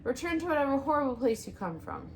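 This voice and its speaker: Sex: woman. Figure: a woman doing a small, frightened male weasel from a storybook. Quality: squeaky, high. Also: big pitch swings, quick pace, slight background noise. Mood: scared. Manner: squeaky and scared.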